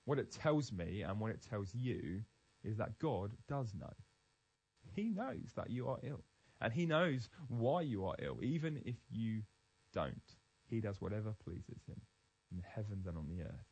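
A man's voice: on the low side, big pitch swings, unhurried, darkish tone, low-quality recording. Earnest man teaching from the Bible. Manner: earnest, emphatic, with frequent restarts. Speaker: Christian speaker.

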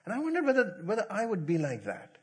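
A man's voice: high voice, wildly swooping pitch, fast, breathy edge. A middle-aged man preaching a sermon to his congregation, telling a Bible story with repeated phrases and acted-out voices. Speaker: pastor.

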